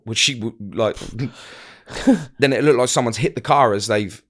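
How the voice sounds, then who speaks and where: A man telling stories in an interview, rambling and halting with many fillers and restarts. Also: medium pitch. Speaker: interview guest. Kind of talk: casual storytelling interview.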